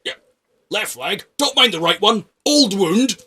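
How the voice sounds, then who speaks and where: A big, booming old war veteran with a cantankerous, insulting streak, raised well above the storyteller's own voice and bright in tone, as a man puts him on while retelling a story. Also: animated, a little slow, breathy edge, heavily acted. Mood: gruff.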